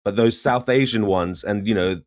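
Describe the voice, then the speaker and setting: A young man from Syria co-hosting a podcast, chatting casually and telling animated stories with laughs. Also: lowish voice, normal speed, no echo, clean studio sound. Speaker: podcast co-host. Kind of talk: casual chat.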